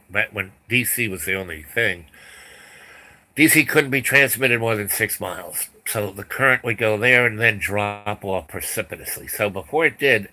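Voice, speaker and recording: A man's voice: lowish voice, pushed and bright. An older man telling a rambling personal story, full of restarts and asides. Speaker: podcast host.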